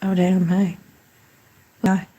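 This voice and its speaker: A woman hosting a casual livestream, chatting to viewers, giving blessings and greetings, and often dropping into soft whispered asides. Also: lowish voice, little pitch movement, slow. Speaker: livestream host.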